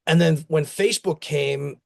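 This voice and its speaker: A man's voice: fairly high pitch, a little slow, gravelly, a little mellow. A man, a company founder from the United States, telling rambling stories with acted-out quotes in a casual interview. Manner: rambling, anecdotal, acts out family quotes.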